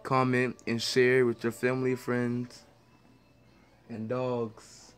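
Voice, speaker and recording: Casual vlogger man, joking and teasing, medium-pitched voice, phone in hand. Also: flat delivery, slow pace. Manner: playful, teasing banter. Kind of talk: casual vlog chat. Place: in a car. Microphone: handheld phone.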